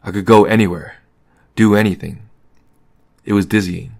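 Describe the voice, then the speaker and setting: A man reading a novel aloud as an audiobook in a calm, measured narration. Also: fairly low pitch, vocal fry. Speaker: audiobook reader.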